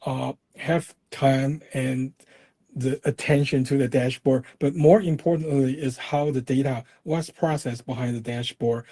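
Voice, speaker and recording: A man's voice: mid-range voice, mellow. A man speaking as a guest in a casual conversation, explaining his points with slightly unusual phrasing.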